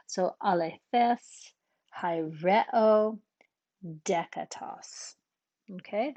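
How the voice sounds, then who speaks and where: A woman talks through a language lesson at an unhurried pace. She explains patiently, one step at a time, and pauses on frequent ums. Her voice sits at a middle pitch and is recorded close and dry. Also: darkish tone, no echo. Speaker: language teacher. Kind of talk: relaxed classroom explanation.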